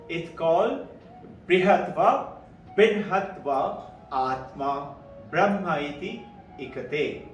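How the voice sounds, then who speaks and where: An older man from India speaks with an Indian English accent and a high-set voice, telling stories to an audience. He acts out the voices of other people and chuckles between lines. He sounds distant in a reverberant hall, with faint music underneath. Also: a bit bright. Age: 70s. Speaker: spiritual speaker. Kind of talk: storytelling talk to a live audience.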